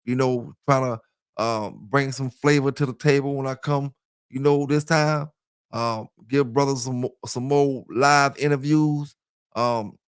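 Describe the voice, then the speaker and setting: A man's voice: mid-range voice, smooth, no echo, clean studio sound. A man hosting a casual livestream on a headset mic, rambling loosely and talking straight to his listeners. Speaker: dog kennel channel host. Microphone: headset with earphones.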